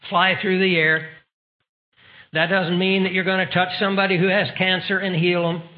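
A man preaching a sermon in an emphatic style, asking the audience rhetorical questions. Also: high-pitched. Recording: dull lo-fi recording.

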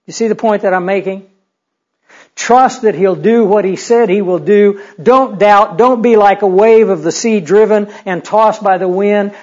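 A man's voice: high-pitched, darkish tone. A male pastor preaching a sermon in a conversational, humorous way, full of rhetorical questions. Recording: dull lo-fi recording.

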